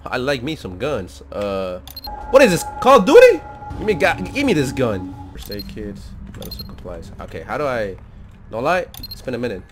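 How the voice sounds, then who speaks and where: An excitable man hosts a gaming channel with let's-play commentary, talking in casual slang. His voice swings up and down all over the place and breaks into loud outbursts. Faint music plays behind him. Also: mid-range voice, moderate pace.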